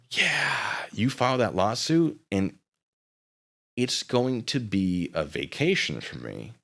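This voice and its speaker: A man's voice: slow pace, vocal fry, long pauses. A man hosting a livestream, commenting on messages in a mocking, sarcastic way. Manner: lively, swinging pitch. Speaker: livestream host.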